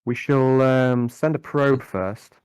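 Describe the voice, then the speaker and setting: A man voicing a measured, formal male inquisitor giving orders in a tabletop game. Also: mid-range voice, darkish tone, smooth, dry recording, lo-fi sound, pitched above the performer's own voice, natural voice. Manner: formal, deliberate speech.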